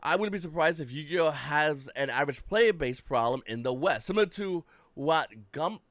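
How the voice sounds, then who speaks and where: A man with a fairly high voice rants bluntly about a card game, swearing freely and talking with lively energy. His voice sits close and dry, with no room sound around it. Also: moderate pace, dry recording. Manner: blunt, profane, animated. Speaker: YouTube card-game commentator. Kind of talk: casual ranting commentary.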